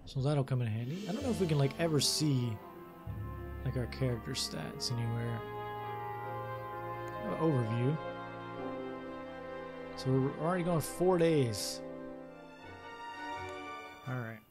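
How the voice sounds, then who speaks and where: A man from Louisiana hosting a let's play, reading the game's story text aloud and thinking out loud in a laid-back way. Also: mid-range voice, lively intonation, a little slow, long pauses, music in the background. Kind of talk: reading game text aloud with casual commentary.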